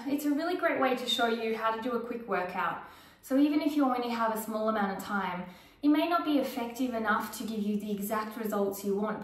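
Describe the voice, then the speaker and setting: A woman fitness instructor guiding a workout, encouraging and cueing moves and counting time. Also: a little high. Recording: echoey room, mic far off, faint music.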